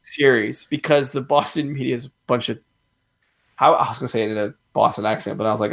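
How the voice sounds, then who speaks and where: A young man co-hosting a casual sports chat, animated and laughing often as he thinks aloud. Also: mid-range voice, quick pace, creaky. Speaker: podcast co-host.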